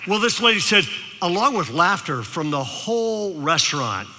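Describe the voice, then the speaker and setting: A man's voice: high voice, moderate pace, in a large hall. A male pastor preaching a sermon, telling a story and drawing in his audience. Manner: storytelling, animated, engages the audience.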